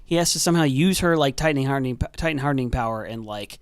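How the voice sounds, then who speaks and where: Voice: mid-range voice, quick pace, clean tone, dry recording, studio quality. Podcast-Host, lebhaft nacherzählend, trockener Raumklang, mittlere Stimmlage. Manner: animated retelling, laughs often. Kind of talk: casual chat.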